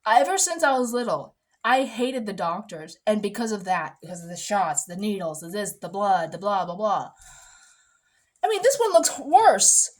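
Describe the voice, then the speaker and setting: In a casual vlog, a woman tells a story with dramatic, animated energy, swearing frequently and mimicking other people's voices. Her pitch is medium and her pace moderate.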